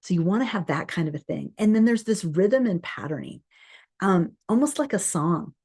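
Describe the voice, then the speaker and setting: A woman's voice: on the low side, expressive, normal speed, a little mellow, breathy edge. A woman hosting a self-improvement session, coaching a group in an earnest, conversational way with frequent fillers and restarts. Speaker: course host. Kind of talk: coaching talk to a live group.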